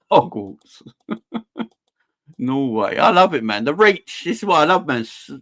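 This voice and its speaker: A young man hosting a football fan livestream, casually and cheerfully shouting out viewers in the chat. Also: fairly high pitch, very animated, normal speed, no echo, studio quality. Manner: upbeat, shouting out viewers by name. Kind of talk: casual live-stream chat.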